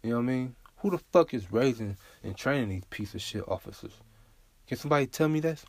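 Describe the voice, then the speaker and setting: A man's voice: medium pitch, expressive, quick pace, no echo. A man hosting a solo podcast, talking bluntly and profanely in a casual, unfiltered way, often asking "you feel me?". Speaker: podcast host.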